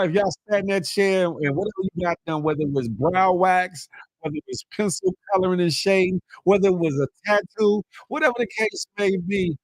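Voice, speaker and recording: A man hosting a casual live morning show, chatting with viewers, laughing often and animated as he reads their comments. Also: a little high, normal speed, dry recording, low-quality recording. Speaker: livestream morning show host.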